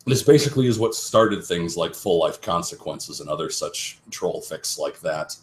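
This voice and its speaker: A man, a voice actor guest on a livestream, giving a theatrical, expressive reading. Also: low-pitched, moderate pace.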